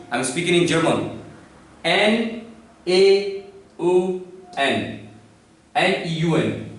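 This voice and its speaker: A man teaching a language lesson, speaking slowly and deliberately, spelling out letters and repeating words for his students. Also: a little high. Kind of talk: classroom-style lesson. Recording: echoey room, from far off the mic.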